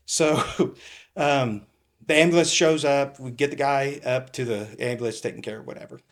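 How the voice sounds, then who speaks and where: A middle-aged man from California, a retired police captain, telling animated stories as a podcast guest and laughing often. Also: medium pitch, moderate pace. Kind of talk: casual storytelling.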